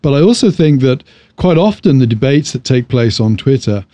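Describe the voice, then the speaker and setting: Wry, measured male podcast co-host. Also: mid-range voice, big pitch swings, warm tone, no room sound. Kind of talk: casual conversation.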